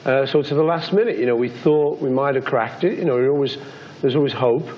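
British man in his fifties, interview guest, halting and heartfelt, mid-pitched, slightly muffled archival audio with faint hiss. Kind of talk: reflective interview.

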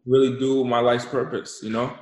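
A man telling an animated story and giving motivational talk as an interview guest, repeating himself for emphasis. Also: medium pitch, normal speed, roomy sound, poor audio. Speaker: guest, entrepreneur.

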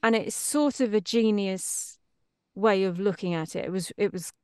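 Middle-aged actress guest, rambling and self-deprecating, dry close sound. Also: female voice, mid-range voice, moderate pace, a little mellow, clear, resonant tone, no echo. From Britain. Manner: chatty, self-deprecating, many restarts. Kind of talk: casual interview chat.

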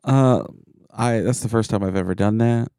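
A man hosting a podcast, chatting casually in an animated, self-deprecating way. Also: fairly low pitch, moderate pace, clear, resonant tone, no echo, clean studio sound. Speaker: podcast host. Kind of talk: casual chat.

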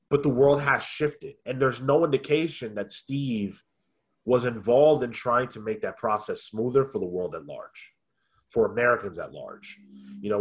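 Man musing over a show. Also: medium pitch. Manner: thoughtful, with frequent ums and restarts. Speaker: podcast co-host. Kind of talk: casual review chat.

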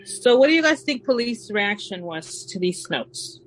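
A woman hosting a casual true crime podcast, telling the story and reading quotes out slowly and deliberately. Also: mid-range voice, big pitch swings, poor audio.

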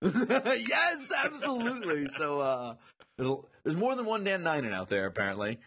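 A man co-hosting a podcast in casual chat, animated and laughing often. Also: a little high, normal speed, slightly rough. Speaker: podcast co-host.

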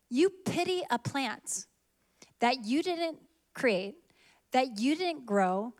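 A woman preacher with a bright, high voice delivers an animated sermon. She reads scripture aloud and prompts the congregation to repeat lines after her.

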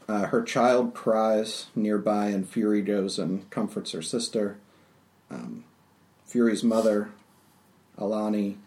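A man narrating a tabletop role-playing game as game master, halting often with fillers. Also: on the low side, a little mellow. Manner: unhurried, halting with many fillers.

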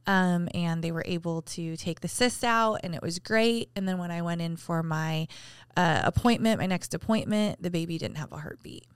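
A woman's voice: on the low side, moderate pace, clear, resonant tone, dry recording, clean studio sound. A woman in her thirties co-hosting a faith podcast, telling a painful personal story candidly and with emotion. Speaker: podcast co-host. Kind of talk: casual chat.

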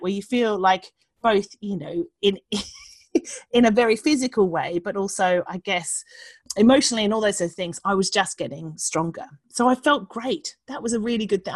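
A woman talking candidly as a guest, frank and animated, swearing freely and acting out the voices she quotes. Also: mid-range voice, dry recording. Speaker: podcast guest. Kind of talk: candid conversational chat.

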